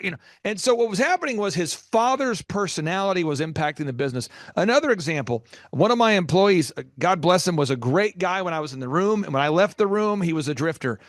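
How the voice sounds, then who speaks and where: A man's voice: high voice, quick pace, few pauses, no room sound, clean studio sound. A man hosting a business podcast who interviews a guest and talks with energy and emphasis, acting out the people in his stories. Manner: energetic, emphatic, acts out quoted voices. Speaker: podcast host and business coach.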